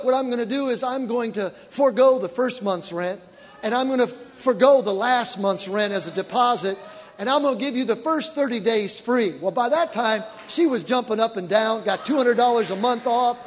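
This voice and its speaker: A man, a pastor, preaching a sermon with animated storytelling that rises to shouted praise. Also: very high-pitched. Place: large church auditorium. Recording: long reverb of a large church hall with congregation. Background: faint congregation.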